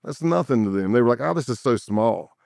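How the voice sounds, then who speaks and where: A medium-pitched, gravelly voice moves at a brisk clip as this middle-aged ex-undercover agent from South Carolina spins stories in a casual interview, animatedly voicing the people he quotes. The recording is dry and studio-clean.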